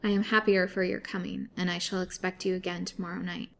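A woman's voice: lowish voice, level tone, fast, creaky, a bit bright. A woman voicing a starving imprisoned woman who pleads desperately, in a storybook reading. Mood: pleading. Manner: imploring, mournful storybook reading.

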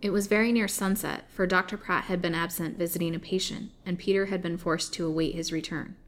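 A woman reading an old serialized novel aloud, expressive and dramatic. Her voice sits on the low side for a woman. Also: fairly quick. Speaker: storyteller.

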